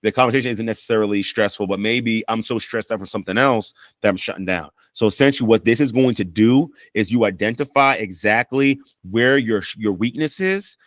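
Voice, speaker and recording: A man's voice: fairly low pitch, brisk, hardly any pauses, fairly bright tone, dry recording, clean studio sound. A man, a counselor and life coach, teaching communication skills in a casual, conversational way, often checking in with "right?" and acting out sample apologies. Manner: conversational, frequent "right?" and "you know" tags; acts out sample apologies and I-statements.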